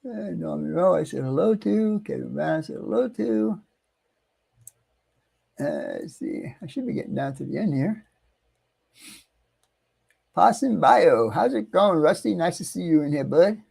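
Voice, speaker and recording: A middle-aged American man hosting a casual livestream, chatty and easygoing, greeting viewers one by one and clearing his throat often. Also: fairly high pitch, big pitch swings, measured pace, pauses often, a little mellow. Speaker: livestream host.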